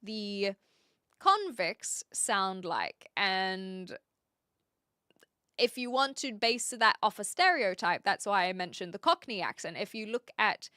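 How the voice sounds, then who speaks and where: A woman's voice: mid-range voice, animated, slow, sharp tone, dry recording, clean studio sound. A woman with an Australian accent, chatting casually with her live stream viewers, often restarting her sentences as she answers the chat.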